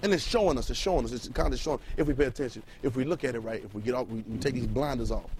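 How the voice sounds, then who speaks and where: Racing through a casual, colloquial sermon, a male preacher reads from the Bible, repeats words to drive points home, and keeps asking the congregation rhetorical questions. His mid-range voice is a little mellow, on a low-quality recording with a bit of hiss or hum.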